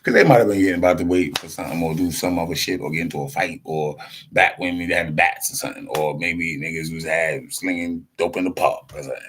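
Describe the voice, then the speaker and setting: A man's voice: low voice, fast, fairly bright tone, breathy edge. A man in his forties telling a rambling personal story in a profane, streetwise, digressive way, often acting out what other people said. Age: 40s.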